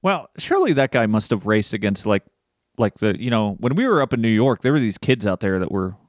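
A man co-hosting a podcast in casual chat, animated, swearing freely and laughing often. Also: on the low side, fairly quick, no room sound, clean studio sound. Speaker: podcast co-host.

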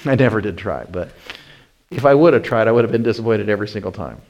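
Calling his congregation "my friends," a pastor with a fairly low, animated voice repeats phrases and swings from loud, climbing emphasis to soft, slow moments. The sermon's recording sounds muffled.

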